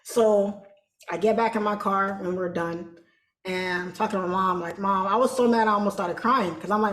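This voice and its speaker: A woman telling a story as an interview guest, animated and colloquial, acting out quoted voices. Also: mid-range voice, fairly quick, roomy sound. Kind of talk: casual storytelling.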